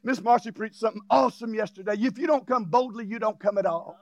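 A man preaching, his voice pitched unusually high for a man, with a gravelly edge. He swings between emphatic shouted points and jokey asides. The sound is close and dry. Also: fast, dry recording. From Louisiana. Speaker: pastor. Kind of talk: sermon.

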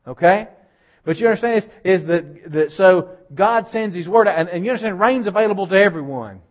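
Male pastor, high voice, preaching with rising fervor; dull lo-fi recording. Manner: preaching, builds from low and quiet to loud and emphatic. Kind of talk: sermon.

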